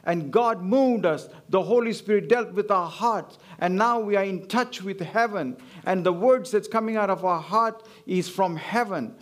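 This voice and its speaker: A man with a high-pitched voice preaches a sermon. He talks in emphatic, repeating phrases and calls on the congregation to answer him. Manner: emphatic, repetitive call-and-response preaching.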